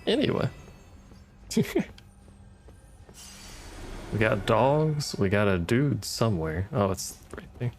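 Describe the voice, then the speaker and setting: A man's voice: lowish voice, animated, measured pace, hardly any pauses, a little hiss or hum. A man giving casual, wry commentary as he plays a game, muttering and swearing at enemies. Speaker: gaming streamer.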